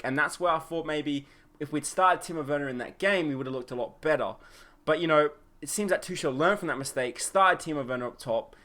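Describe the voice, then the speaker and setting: A young man hosting a solo football podcast, excitable and opinionated, with plenty of fillers. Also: on the high side. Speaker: podcast host. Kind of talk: solo football match review.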